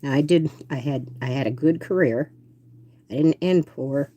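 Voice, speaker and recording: Older woman, artist, warm tone, breathy, chatty, talks to herself while drawing. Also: rumbling low, normal speed. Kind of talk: casual drawing demonstration.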